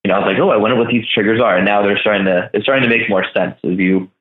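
A man's voice: on the low side, fairly even intonation, rapid-fire. A man hosting a casual chat, laid-back and rambling with lots of fillers. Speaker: host. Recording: echoey, phone-like line.

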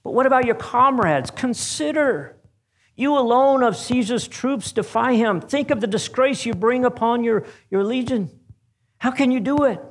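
A man's voice: very high voice, expressive, normal speed, voice pushed up, heavily acted. A man voicing a stern Roman governor who speaks mildly but firmly, growing exasperated. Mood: pleading. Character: stern Roman governor, middle-aged man, coaxing then harsh.

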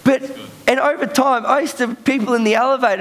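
A young male pastor, preaching by telling a personal story in a chatty, animated way. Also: very high-pitched, fairly quick. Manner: chatty, animated storytelling with frequent laughs and fillers. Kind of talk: sermon storytelling.

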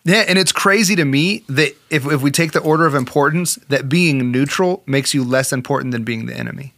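A man's voice: medium pitch, a little fast, creaky, a bit bright, no room sound. Man chiming in agreeably. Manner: brief agreeing interjections. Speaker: podcast co-host. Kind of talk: casual discussion.

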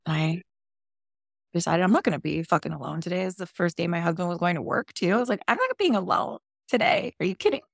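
A woman with a lowish, gravelly voice opens up on a podcast about her own experience. She talks casually and emotionally and swears now and then. The sound is dry and close. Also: expressive, fast talker, dry recording. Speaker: podcast guest. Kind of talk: candid personal storytelling.

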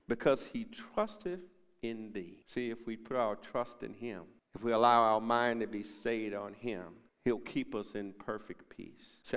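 A man pastor preaching a sermon, building to loud emphatic peaks and dropping to hushed, almost whispered moments, quoting scripture in old-fashioned wording. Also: fairly low pitch, clear, resonant tone, long reverb tail. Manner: preaching with swelling emphasis and soft hushed drops; quotes scripture in King James wording.

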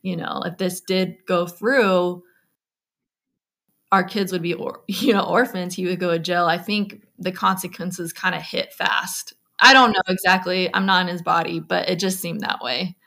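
Gravelly-voiced woman telling her story. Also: on the low side, fairly even intonation, moderate pace, sharp tone. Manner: conversational, with frequent fillers and restarts. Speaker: guest recounting a personal story. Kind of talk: candid storytelling in an interview.

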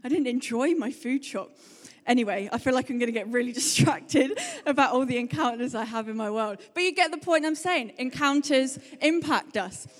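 A woman giving a chatty, animated sermon and telling stories in quick bursts. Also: sits high. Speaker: preacher. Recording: hall reverb.

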